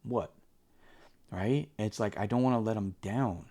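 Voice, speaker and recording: A man's voice: fairly low pitch, unhurried, mellow. A man giving a casual, candid book review, rambling with lots of fillers and restarts and turning earnest when he urges viewers. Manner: earnest and emphatic when urging.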